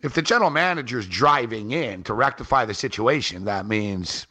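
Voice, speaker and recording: A man's voice: mid-range voice, moderate pace. A man co-hosting a sports radio show, telling a rambling story in casual chat and peppering it with "like" and "man". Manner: animated, rambling, frequent "like" and "man". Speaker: fantasy sports radio co-host. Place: on a trip in Halifax.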